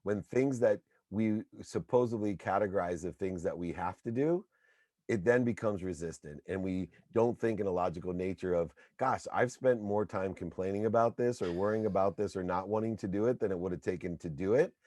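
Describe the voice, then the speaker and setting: A middle-aged man, a podcast guest, talking in an energetic, motivational way and telling anecdotes. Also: sits low, brisk, no room sound, clean studio sound. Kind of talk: casual interview talk.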